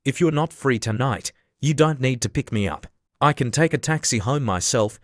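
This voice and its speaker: A man reading as a young flight attendant in a recap story, loyal and earnest toward her boyfriend. The delivery is dry and close, at the reader's own middling pitch, with no put-on female voice. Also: lively intonation, moderate pace, no room sound, natural voice.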